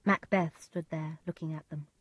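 A woman giving calm, measured storybook narration. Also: sits low, breathy edge, no room sound.

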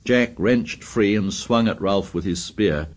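An audiobook narrator reads a novel in scripted narration, keeping his storytelling measured and steady. His voice is on the low side.

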